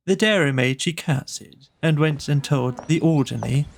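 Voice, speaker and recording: A man gently reading children's poems aloud with a rhythmic lilt. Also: fairly high pitch, moderate pace, vocal fry, hardly any pauses. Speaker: storyteller.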